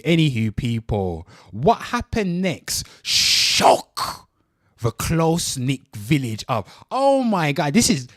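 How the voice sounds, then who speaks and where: A man's voice: medium pitch, no room sound. An English man in his thirties hosts a casual reaction show with a voice that swings up and down. He swears freely and talks straight to his viewers. The sound is dry and close. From England. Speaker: host.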